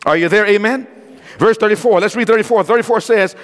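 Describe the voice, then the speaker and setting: A man preaching a sermon with a notably high voice, ringing through a church sanctuary with long reverb. He fires questions at the congregation and lets them answer, then drops into hushed asides before building back to loud exclamations. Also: fast talker. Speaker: pastor. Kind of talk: evangelistic sermon.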